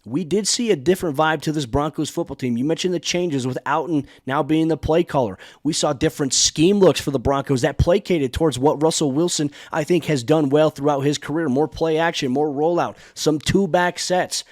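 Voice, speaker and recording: A man hosts a sports talk podcast with a somewhat high, lively voice. He speaks with emphatic energy. The sound is dry and close, with no room echo. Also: moderate pace, hardly any pauses. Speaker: podcast host.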